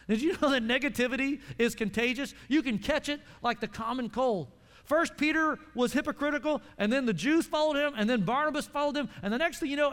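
A man's voice: very high-pitched, a bit bright, clean tone. A male pastor preaching a conversational sermon to a live audience, repeating words and putting questions to the room. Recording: long hall reverb.

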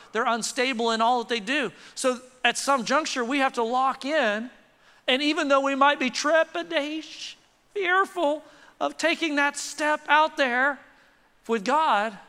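A man preaching a lively sermon with quick asides, leading the congregation in call and response. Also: very high-pitched, smooth. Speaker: pastor. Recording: reverberant church hall.

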